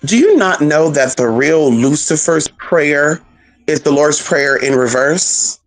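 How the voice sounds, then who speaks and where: Brief: fiery profane preacher on a stream, wildly swinging pitch, shouted call-outs. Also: animated, faint music behind. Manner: call-and-response exclamations, heavy cursing, swoops between high cries and low asides; reads scripture slowly and drawn out. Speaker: spiritual teacher streaming a talk.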